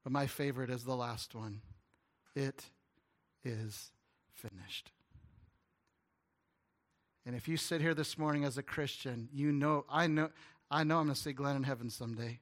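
A man preaching a sermon as pastor, telling stories and acting out little dialogues, moving between hushed and loud delivery. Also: medium pitch, a little fast. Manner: storytelling preacher, dropping to hushed tones and rising to loud ones; acts out little dialogues with the congregation.

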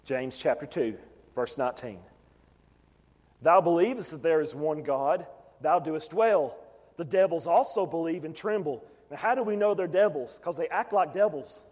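A male pastor preaching a sermon, repeating phrases and building to shouts. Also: a little high, normal speed, in a large hall.

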